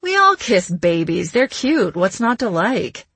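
A woman's voice: mid-range voice, big pitch swings, measured pace, a bit bright, husky, no room sound, full character voice. A woman voicing a charming, flirtatious man at a party, teasing and easygoing in an audiobook reading. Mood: flirty.

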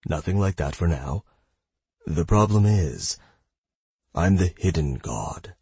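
A man's voice: sits low, husky, no room sound, full character voice. A man voicing a formal, awkward hidden god. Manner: calm, formal, slightly awkward. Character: awkward, pleading male hidden deity.

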